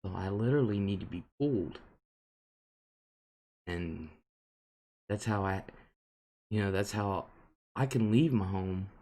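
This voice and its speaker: Unhurried and given to long pauses, a man with a lowish, slightly mellow voice hosts a casual live stream. He reads viewer comments and responds, rambling with indignation and plenty of fillers.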